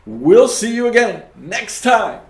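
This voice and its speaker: A man's voice: high-pitched, sing-song, slow pace. Preachy male podcast host, roomy echo. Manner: preachy, peppers talk with "right?". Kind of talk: faith discussion podcast.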